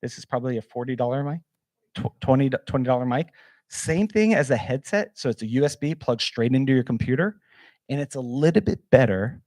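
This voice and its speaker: A man's voice: mid-range voice, a little fast, no room sound, studio quality. Casual man giving a hands-on workshop. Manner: casual, energetic, demonstrates gear, many fillers. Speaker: workshop presenter. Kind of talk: live workshop talk.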